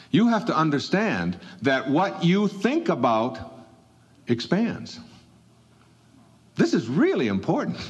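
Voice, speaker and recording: Lively high-voiced man giving motivational talk. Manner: animated, conversational, emphatic, chuckles between points. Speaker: motivational speaker.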